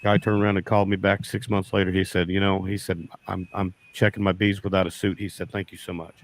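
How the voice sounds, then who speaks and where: Talking quickly in a deep voice with little pitch movement, a man guesting as a beekeeper shares a casual, folksy tale. He repeatedly quotes himself using "I said," with slight noise in the background.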